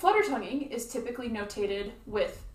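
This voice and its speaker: A woman flute teacher explaining playing techniques in a friendly, clear instructional video. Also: fairly high pitch, expressive, fairly quick, echoey room, distant mic, a little hiss or hum.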